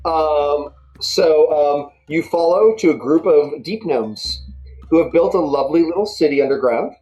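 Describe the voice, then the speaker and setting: A woman game master narrating a tabletop game in a relaxed, hesitant way full of ums. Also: low voice, a little slow, soft background music, poor audio.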